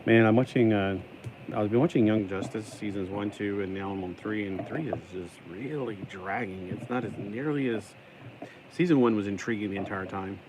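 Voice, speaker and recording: Chatting away to himself while putting together a LEGO set, this YouTuber sings, cracks jokes and wanders off topic, adopting a fake stuck-in accent for the day. He talks at a moderate pace with a fairly low pitch against a noisy background.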